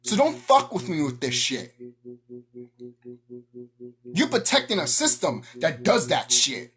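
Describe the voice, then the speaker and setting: A woman ranting to her viewers in an angry, confrontational way, swearing freely. Her pitch leaps up and down as she presses each point. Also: very animated, takes it slowly, breathy edge. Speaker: vlogger. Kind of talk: ranting monologue to camera.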